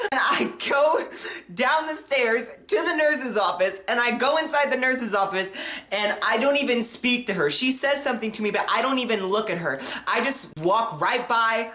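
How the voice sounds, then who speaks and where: A young man telling a story on his vlog, animated and full of swearing, swinging from hushed to yelling. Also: very high-pitched, echoey room. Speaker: vlogger.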